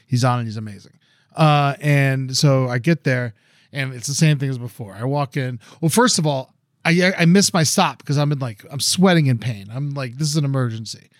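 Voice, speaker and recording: A man's voice: medium pitch, fairly quick, no echo, studio quality. A man co-hosting a casual chat, telling a long story with lots of swearing and acting out quotes in a raised voice. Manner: animated, profane, acts out quotes in raised voice. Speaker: podcast co-host.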